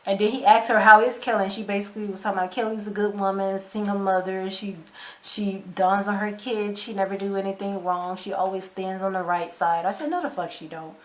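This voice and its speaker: A woman giving a casual recap of a TV episode, retelling scenes bluntly with lots of swearing and sharp asides. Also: mid-range voice, level tone, brisk. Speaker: show recap vlogger.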